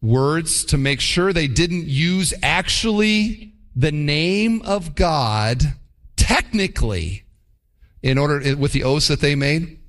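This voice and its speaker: Brief: male pastor, sermon delivery, voice a bit higher than most men's, swings his pitch up and down a lot, acts out asides playfully. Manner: animated, mock-quoting with playful asides.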